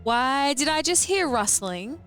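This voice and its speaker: Woman, tabletop player, curious, questioning, bright forceful tone, slightly high. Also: animated, takes it slowly, soft background music. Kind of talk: casual tabletop play.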